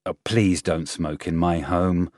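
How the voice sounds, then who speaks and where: A proper, buttoned-up male professor, stiff and formal, bristling when pushed, as a man reads him. Low voice, close and dry. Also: steady tone, measured pace, a little mellow, no echo. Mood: irritated. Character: polite, formal scientist professor, man, easily offended.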